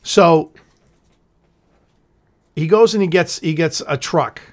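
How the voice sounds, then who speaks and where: A man spins a story for his podcast partner. His voice sits a little high, and he swears freely while acting out the quotes. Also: takes it slowly. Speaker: podcast co-host. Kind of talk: casual storytelling chat.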